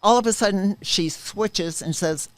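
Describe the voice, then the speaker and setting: In a dry recording, a woman with a mid-range voice talks a little slowly. She is being interviewed and sincerely tells an emotional story from her own life, stressing some vivid moments.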